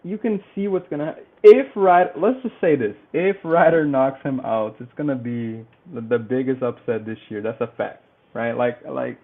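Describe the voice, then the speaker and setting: A man's voice: mid-range voice, normal speed. A man joining a casual boxing chat as a guest, talking loosely and joking. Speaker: guest on call. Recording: tinny call audio.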